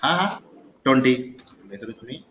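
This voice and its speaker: In an echoey, dull recording of a class session with slight background noise, a programming instructor teaches live coding. His mid-range voice is animated, bright, and forceful, a little slow, and he keeps quizzing students with yes-or-no questions.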